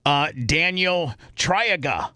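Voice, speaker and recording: A man's voice: on the high side, lively intonation, slow, bright, forceful tone, no room sound. A male radio talk show host reading out listener donations on air from his studio, emotional and rambling, with many restarts. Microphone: studio microphone.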